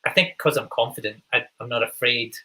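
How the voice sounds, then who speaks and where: A man with a toned-down Glaswegian accent, hosting an interview and speaking casually, halting often with ums and restarts. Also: medium pitch, bright, forceful tone, breathy edge, low-quality recording. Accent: Scottish, Glaswegian, toned down. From Glasgow, Scotland. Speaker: podcast host.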